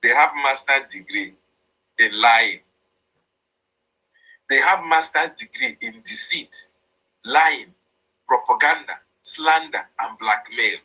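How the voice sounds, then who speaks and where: On a political online broadcast, a man with a Nigerian accent rails against his opponents in an impassioned monologue, repeating and emphasizing his points. His medium-pitched voice is pushed, bright, and slightly rough, and the recording is rough too.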